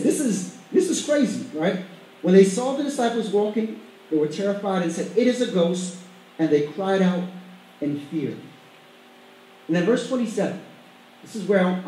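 A man's voice: high voice, dark tone, a little hiss or hum. A man preaching a sermon, talking emphatically with stumbling restarts and asking the congregation to repeat lines after him. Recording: very echoey hall, mic far off.

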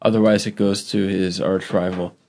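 A man's voice: low voice, little pitch movement, normal speed, a little mellow. A man co-hosting a casual podcast, dropping wry, teasing comments. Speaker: podcast co-host. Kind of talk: casual chat.

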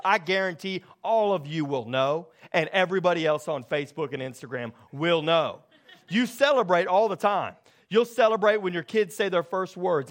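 A man in his thirties preaching a sermon as pastor, telling stories with lively, excited delivery that grows loud. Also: high voice.

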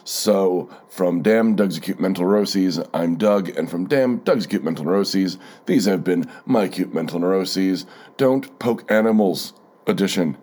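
A man's voice: low-pitched, moderate pace, a little mellow. A man hosting a solo podcast, rambling through a sardonic, profane story with many fillers, a bit stuffed up from a cold. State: stuffy, keeps blowing his nose. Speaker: podcast host.

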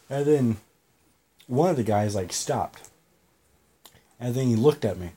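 A man's voice: mid-range voice, lively intonation, a little slow, mellow, breathy edge. A man hosting a podcast, telling a story in a rambling, repetitive way and swearing freely. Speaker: podcast host. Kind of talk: casual storytelling monologue.

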